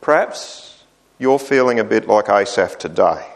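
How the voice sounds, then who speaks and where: A man preaching a sermon, voicing the psalmist's complaints with lively rises. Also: lowish voice, a little slow.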